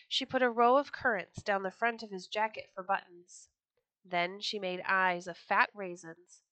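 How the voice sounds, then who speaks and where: A woman reads a storybook aloud with a bright, ringing voice and lively expression. The sound is close and dry, with no room around it. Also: medium pitch, no room sound. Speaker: storyteller, podcast host.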